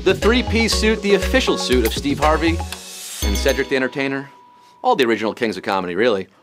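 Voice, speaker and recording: Over music, a man with a medium-pitched, expressive voice hosts a live trivia game at a brisk clip. He rattles through questions with puns and jokes, bouncing along and breaking into sudden silly voices.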